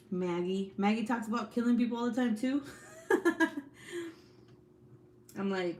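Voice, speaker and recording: A woman's voice: on the high side, slow, pauses often, a little mellow, slight background noise. A mother chatting casually with her viewers, joking about her kids, laughing often and swearing freely in slangy talk. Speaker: livestream host chatting with viewers; mother of several young kids. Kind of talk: casual chat.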